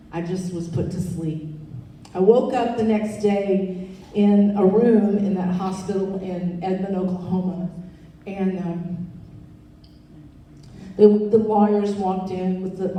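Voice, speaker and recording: A woman in her sixties tells her story as a keynote speaker, leaning on repeated phrases for emphasis. Her tone is soft and mellow. The sound comes from a distance and rings around a big echoing hall, with faint background noise. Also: mid-range voice. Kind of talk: personal testimony speech. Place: large event hall.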